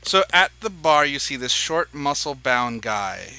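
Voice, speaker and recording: Dm guy describing the scene, slow, lots of ums, bright voice. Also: mid-range voice, very animated, vocal fry, clean tone, low-quality recording. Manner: rambling, hesitant descriptions full of fillers. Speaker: dungeon master. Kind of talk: narrating a tabletop game.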